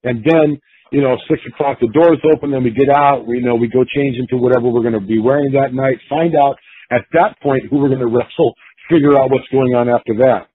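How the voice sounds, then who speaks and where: A man's voice: mid-range voice, fairly quick, slightly rough. A man who used to be a pro wrestler, telling stories in a rambling way, with lots of fillers and restarts. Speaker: former pro wrestler, guest. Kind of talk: casual storytelling interview. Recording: dry, phone-like narrowband sound.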